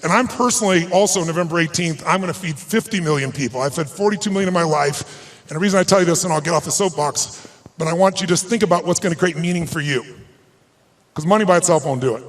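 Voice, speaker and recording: A man's voice: a little high, quick pace. A man giving a motivational speech at an event, telling an emotional personal story with emphatic delivery. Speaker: motivational speaker. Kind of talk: speech to a live audience. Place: event stage.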